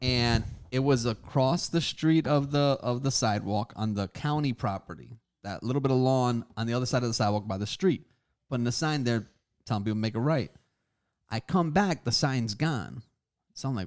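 A man co-hosting a podcast, telling a story in casual chat, animated and profane, acting out the people in his stories. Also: mid-range voice, moderate pace, no echo, clean studio sound. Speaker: podcast co-host.

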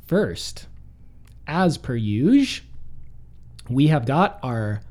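A man co-hosting a casual podcast chat in a booming, announcer-style radio voice. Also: sing-song, drawn-out words, darkish tone. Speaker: podcast co-host.

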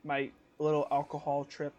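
A man's voice: fairly high pitch, completely flat delivery, moderate pace, a little mellow, muffled recording. A young man in his twenties telling a story on a casual podcast, rambling with fillers and self-corrections and laughing often. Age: 20s. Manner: laughs often while talking. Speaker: podcast co-host.

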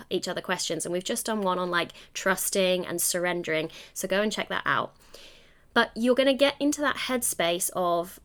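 A young woman hosting a solo podcast, talking in a chatty, encouraging way and correcting herself mid-sentence. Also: medium pitch. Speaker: podcast host. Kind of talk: solo coaching podcast monologue.

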